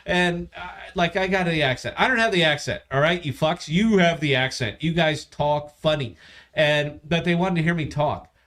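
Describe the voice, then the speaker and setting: A man's voice: on the high side, fairly bright tone. Tipsy, profane male podcast host. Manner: tipsy, profane, boastful storytelling. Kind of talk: casual chat on a livestream.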